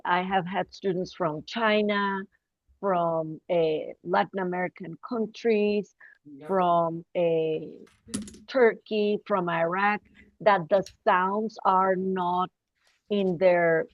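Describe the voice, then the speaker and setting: Slow-talking woman on a dull video call. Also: on the low side, no echo. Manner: slow, halting, many fillers. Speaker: session leader, teacher trainer. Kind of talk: online teacher training talk.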